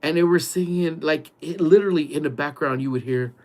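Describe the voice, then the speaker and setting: A man vlogging from his workplace early in the morning, telling a ghost story in a loose, animated way full of "like" and "dude". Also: a little high, fairly quick. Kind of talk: casual storytelling.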